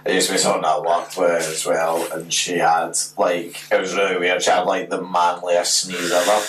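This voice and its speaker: A Scottish man in his twenties co-hosting a podcast, telling stories in a sweary, animated way. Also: low voice, moderate pace, echoey room, far from the mic, noisy background. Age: 20s. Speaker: podcast co-host. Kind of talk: casual chat.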